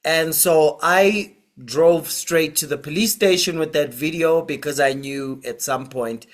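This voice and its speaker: Casting note: male vlogger, higher voice, unhurried delivery, casual storyteller who acts out quotes. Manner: retells events with quoted voices and asides.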